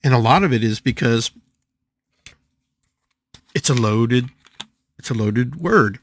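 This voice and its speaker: An older man hosting a spiritual podcast, giving a motivational talk in an animated way, with sudden jumps in pitch and playful, drawn-out repetition of words. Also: slight background noise. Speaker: podcast host and spiritual healer.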